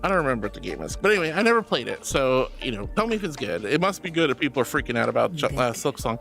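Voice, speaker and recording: A man streaming a casual chat reads viewer messages and answers with gushing affection, calling people sweetie and honey, excitedly gasping and laughing a lot. His medium-pitched voice is creaky, and he races along with few pauses over faint background music.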